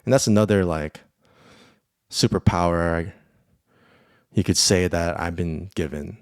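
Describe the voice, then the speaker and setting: A man hosting his own podcast in a casual, profane, excitable ramble about his life. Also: low-pitched, measured pace, dry recording, clean studio sound. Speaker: podcast host. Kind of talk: casual solo podcast monologue.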